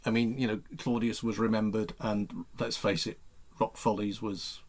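A man's voice: lowish voice, level tone, normal speed, darkish tone. A man co-hosting a podcast in a casual chat, teasing dryly with hesitant fillers. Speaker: podcast co-host.

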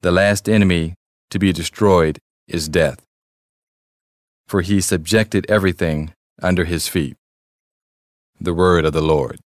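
A man giving a slow, deliberate liturgical reading of scripture. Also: low voice, dry recording, clean studio sound. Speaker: scripture reader.

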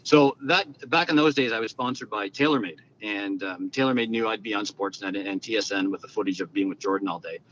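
A man, a guest telling stories in an animated, conversational way and acting out the quoted lines. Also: a little fast, hardly any pauses. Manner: animated, acts out quoted dialogue. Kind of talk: conversational storytelling. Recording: dull lo-fi sound with faint rumble.

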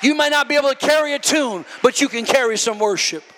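A male preacher delivers a fervent sermon in a strikingly high voice. His tone is bright and cutting, and he often rises into shouts and calls out to the crowd. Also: quick pace, a little hiss or hum. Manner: impassioned, often shouting and building to high cries; calls out to the congregation.

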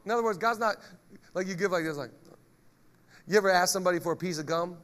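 A male pastor preaching a lively sermon, joking with the congregation and reading scripture aloud. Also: high voice, fast, a little hiss or hum.

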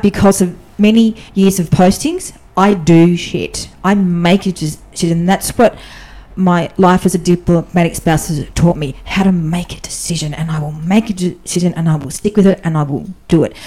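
A woman guest on a podcast, talking candidly and chattily about her life as a diplomatic spouse, often restarting her sentences. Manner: animated, often jumps up in pitch when telling stories. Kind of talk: casual podcast conversation.

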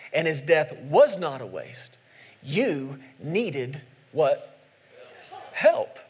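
High-voiced male pastor preaching, emphatic, keeps asking the crowd questions. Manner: emphatic, asks the audience questions, slows down for scripture. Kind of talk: sermon.

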